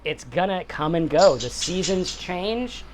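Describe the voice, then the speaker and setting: A man's voice: sits high, expressive, a little slow, a little hiss or hum. A man in his forties, host of a sobriety channel, talking in an earnest, rambling monologue and often checking in with a "right?". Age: 40s. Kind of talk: casual reflective monologue.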